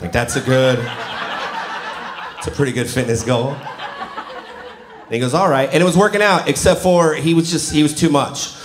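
This comic in his forties has a fairly high, animated voice, moving at a moderate pace with frequent pauses. Performing live, he spins conversational stories and acts out quotes over loud crowd noise in a roomy venue.

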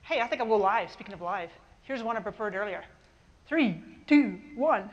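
A woman's voice: medium pitch, animated, normal speed, dull audio. A middle-aged woman with a mixed Canadian and Scottish accent gives an enthusiastic, chatty keynote talk in a large conference hall on a lapel mic. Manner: enthusiastic, chatty, talks to the crowd.

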